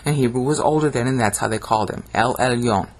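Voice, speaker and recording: Speaking quickly at medium pitch, a teacher of biblical languages presents a video lesson on slides. He goes word by word, checks in with "okay?" often, and chants old phrases with a dramatic rising lift.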